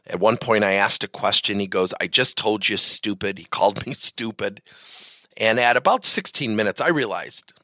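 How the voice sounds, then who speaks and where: A middle-aged man giving a motivational talk to business leaders, telling stories and swinging his pitch widely for emphasis. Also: sharp tone, no echo. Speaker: business speaker addressing leaders.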